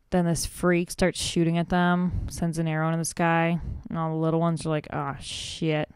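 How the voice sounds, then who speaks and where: A woman's voice: low-pitched, a little mellow, smooth, no room sound. A woman guest-hosting a podcast, giving a flippant, rambling comic recap of a cartoon episode, full of "like".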